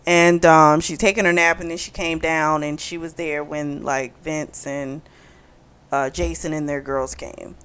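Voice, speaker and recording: A woman's voice: sits low, fairly even intonation, unhurried, fairly bright tone, clear, resonant tone. A woman hosting a book club channel, giving a chatty, opinionated review full of fillers.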